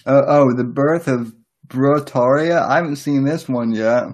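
A man hosting a podcast in casual chat, halting and full of restarts. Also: mid-range voice, darkish tone. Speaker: podcast host.

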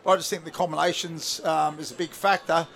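A man's voice: on the high side, level tone, fairly quick, gravelly, fairly bright tone. A man with an Australian accent, a former player and commentator, chatting casually on radio in a laid-back way with many fillers. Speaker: rugby league commentator, studio guest.

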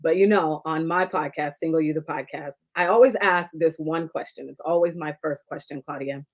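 A woman's voice: low voice, normal speed. A woman hosting her own podcast, upbeat and chatty, laughing often as she talks with a guest. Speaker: podcast host and coach. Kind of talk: casual interview chat.

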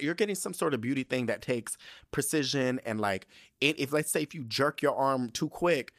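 A young man telling a story to his podcast audience in a casual, profane and animated rant. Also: medium pitch, no room sound, studio quality. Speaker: podcast host.

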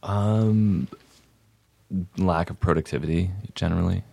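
Deep, gravelly, terse young man. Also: a little slow, dry recording. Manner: terse, flat, understated answers. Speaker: guest. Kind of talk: casual interview chat.

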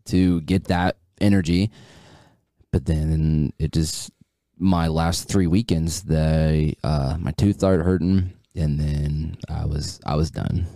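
A man who is a guest on a podcast, talking in a laid-back, halting way that often trails off. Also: low voice, mellow, no room sound, studio quality. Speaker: guest, horror writer and haunt actor. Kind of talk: casual podcast chat.

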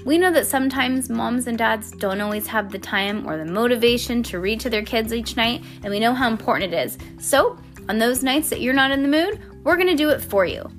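Podcast host reading a children's storybook, woman, very lively in pitch. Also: a little fast, hardly any pauses, faint music behind. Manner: animated storytelling. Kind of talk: reading a storybook aloud to kids.

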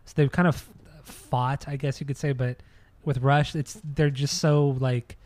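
A man's voice: mid-range voice, steady tone, measured pace, a little mellow. A man co-hosting a podcast in casual chat, laid-back and rambling, laughing easily. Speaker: podcast co-host.

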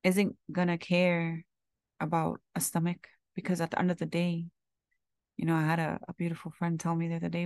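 A woman with a lowish voice full of gravelly fry talks openly from the heart as host of her own show. Her delivery is confessional and unguarded, with the occasional casual swear, and the sound is close and dry with no room around it. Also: monotone, a little fast, darkish tone, no room sound. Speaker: podcast host. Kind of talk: candid reflective monologue.

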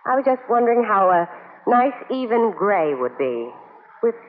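An actress playing a wry, steady young woman who narrates in 1940s radio drama style, dry and teasing. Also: medium pitch, moderate pace, natural voice. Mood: tender. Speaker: narrator and farm wife. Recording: tinny, hissy old radio broadcast.

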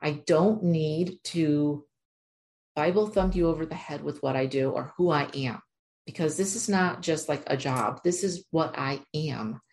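An animal communicator tells a personal story in a casual monologue, chatty and emphatic with plenty of fillers. Her voice is deep and darkish, and she speaks a little slowly.

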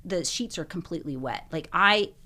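A woman guest telling a personal story in conversation, animated and full of "like", acting out what people said. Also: fairly low pitch, moderate pace. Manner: animated retelling, acts out quoted speech, frequent "like".

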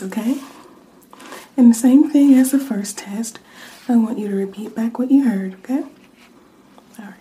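A woman in a whispered role-play, acting as an examiner who gives a hearing test and whispers words softly into each ear. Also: on the high side, low-quality recording. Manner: soft, slow and soothing, whispering word lists into each ear.

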